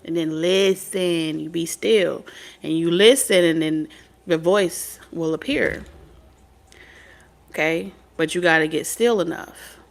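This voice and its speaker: Gravelly-voiced woman giving blunt spiritual advice. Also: fairly low pitch, slow. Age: adult mother of several children. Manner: blunt, profane, streetwise storytelling. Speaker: spirit medium and tarot reader. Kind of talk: casual preachy monologue.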